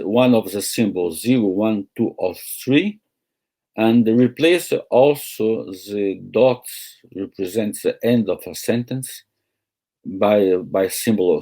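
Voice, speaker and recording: Slow, halting male lecturer. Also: fairly low pitch, mellow. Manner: slow, halting, with many pauses and fillers. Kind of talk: academic lecture. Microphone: video call.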